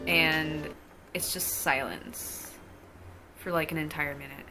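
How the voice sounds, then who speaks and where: A woman's voice: on the low side, normal speed. A young adult woman telling a personal story in a casual vlog, profane and exasperated. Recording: clear music playing behind the voice. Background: music.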